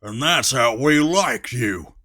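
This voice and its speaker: A man doing a gruff, sneering dwarf. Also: medium pitch, lively intonation, slow pace, bright, forceful tone, heavily acted. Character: gruff male dwarf, hostile and scheming. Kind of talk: audiobook character voice.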